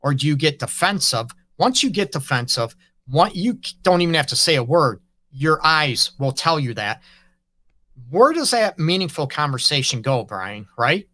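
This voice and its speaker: A man's voice: on the high side, sing-song, moderate pace, bright, forceful tone. A man hosting an interview as a relationship counselor, talking earnestly and frankly in loose run-on phrases. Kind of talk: conversational interview.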